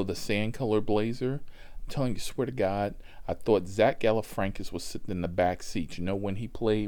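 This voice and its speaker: A middle-aged man with a lowish voice tells a comedic story, swearing freely. He sounds exasperated and sometimes drops into whispered asides. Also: warm tone. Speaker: podcast host.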